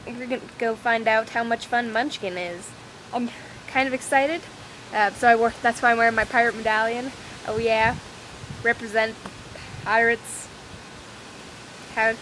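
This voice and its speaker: A woman's voice: on the high side, steady tone, normal speed, fairly bright tone, poor audio. Rambling young woman vlogging outdoors. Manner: rambling, scattered, self-deprecating. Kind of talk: casual daily vlog. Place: outdoors on a windy, rainy walk. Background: wind and outdoor ambience.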